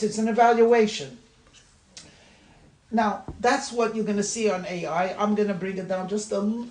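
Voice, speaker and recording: A man's voice: high voice, darkish tone. Man, rabbi, informal teaching talk, repeats words, roomy sound. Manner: conversational, repeats words, laughs at own examples. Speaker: rabbi leading a class discussion. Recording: echoey room with light noise.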